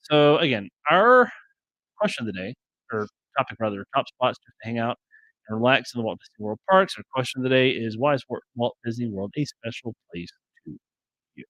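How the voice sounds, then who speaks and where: Casting: middle-aged man, live-stream co-host, rambling and joking, mid pitch, dry close sound. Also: expressive, brisk, a bit bright, no room sound, low-quality recording. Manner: rambling, stumbles and restarts, joking. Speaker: co-host of a travel tips show. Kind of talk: casual live-stream chat.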